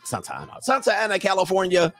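A man hosting a casual live commentary stream, loud and joking, with slangy asides and drawn-out exclamations. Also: sits high, wildly swooping pitch, creaky, soft background music. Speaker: livestream commentary host.

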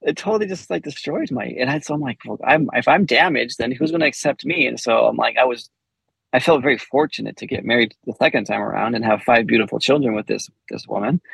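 Gravelly man telling a candid story. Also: medium pitch, fairly bright tone, no echo, poor audio. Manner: candid, laughs often, many restarts. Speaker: podcast guest.

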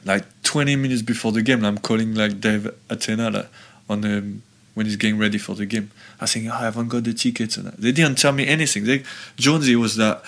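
A man's voice: lowish voice, a little fast, gravelly. A man, a former footballer, guest on a podcast, telling long rambling anecdotes with lots of fillers. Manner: rambling, filler-heavy, animated storytelling.

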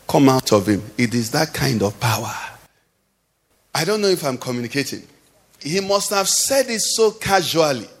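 A man's voice: a little high, fairly bright tone. A middle-aged man preaching a sermon, drawing call-and-response from the congregation and telling everyday stories to make his point. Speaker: pastor. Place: church hall. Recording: long hall reverb.

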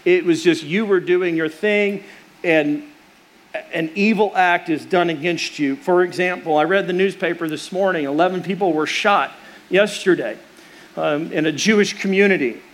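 High-voiced man preaching a sermon. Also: moderate pace. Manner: storytelling, earnest, with restarts and fillers. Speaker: pastor.

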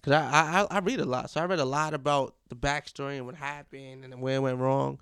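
Brief: male, gravelly fry, dry mic, emphatic slangy talker. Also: medium pitch, steady tone, fast talker, a bit bright, no room sound. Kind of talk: casual chat.

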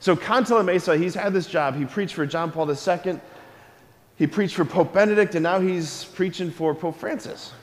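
Priest, male, high pitched, energetic homily with call-and-response, long church reverb. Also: normal speed. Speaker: Catholic priest. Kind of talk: homily at a school mass.

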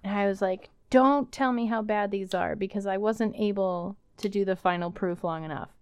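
A woman's voice: mid-range voice, moderate pace, clear, resonant tone, no room sound, clean studio sound. A woman co-hosting a casual chat, talking in a chatty way and laughing often. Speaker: podcast co-host.

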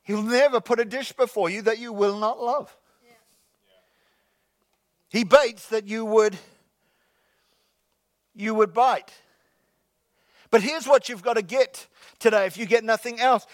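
A man preaching a sermon to his congregation, joking with the crowd and slowly repeating his key lines. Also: high-pitched, dry recording. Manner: jokey, repeats key lines slowly, calls out "come on, somebody". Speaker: pastor. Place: church sanctuary with congregation.

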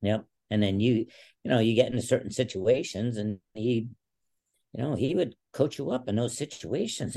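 Brief: low-voiced man in his sixties, guest storyteller, emphatic and rambling, full of restarts. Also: animated, moderate pace, creaky, warm tone. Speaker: interview guest, former Olympic wrestler. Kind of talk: storytelling in a casual interview.

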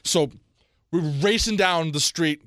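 A young man, co-hosting a podcast and telling stories in a lively way, acting out what he said. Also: on the high side, measured pace, no room sound, studio quality. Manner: animated storytelling, acts out his own quotes. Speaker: podcast co-host. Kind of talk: casual chat.

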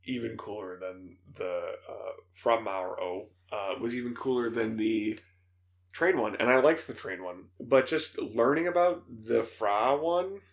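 Young male podcast co-host, gravelly voice, casual excited game talk. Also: lowish voice, a little slow. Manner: excited, fillers, laughs, imitates voices. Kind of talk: casual chat.

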